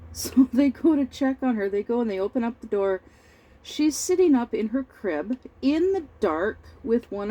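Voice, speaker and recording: A middle-aged woman rambles through a family story at an unhurried, slow pace, often stopping to clear her throat or fill a gap. Her voice is mellow and soft-edged. She sounds over-tired. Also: medium pitch, rough recording. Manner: rambling, halting, with frequent throat-clearing and fillers. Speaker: crafting vlogger. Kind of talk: casual storytelling while crafting.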